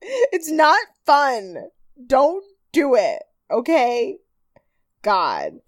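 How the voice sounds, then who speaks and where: A woman co-hosting a podcast in casual recap chat, animated and often laughing, with a mild stutter. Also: sits high, extremely slow. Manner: animated, laughing, mimics people in quoted voices. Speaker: podcast co-host.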